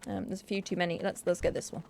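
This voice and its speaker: A woman's voice: fairly low pitch, level tone, fast talker, creaky, darkish tone, a little hiss or hum. A young woman chatting casually on a live gaming stream, bubbly and self-mocking.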